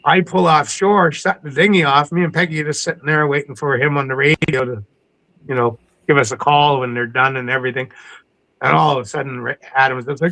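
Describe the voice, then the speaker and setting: A man from coastal British Columbia, a podcast guest telling stories in a casual interview, animated and acting out the people he quotes. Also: on the high side, fairly quick, rough recording. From coastal British Columbia, Canada.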